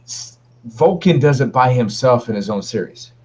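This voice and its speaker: A man's voice: mid-range voice, animated, moderate pace, mellow. A man co-hosting a wargaming podcast in a laid-back, rambling chat with many fillers. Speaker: podcast co-host. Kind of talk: casual chat. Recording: dull lo-fi stream audio.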